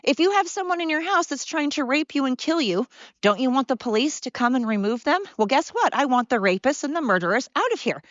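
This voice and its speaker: A woman's voice: sits high, big pitch swings, fairly quick, dry recording, muffled recording. A middle-aged woman hosting a podcast, out of breath as she walks outdoors in the cold, talking in a blunt, profane, sarcastic rant. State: out of breath from walking. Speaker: podcast host. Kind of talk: casual ranting monologue.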